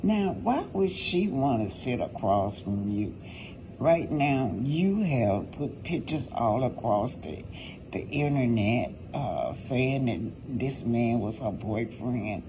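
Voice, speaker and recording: Speaking slowly but animatedly in a mid-range voice, a man offers casual vlog commentary on a reality show. He addresses his viewers directly and repeats points for emphasis, with a noisy background.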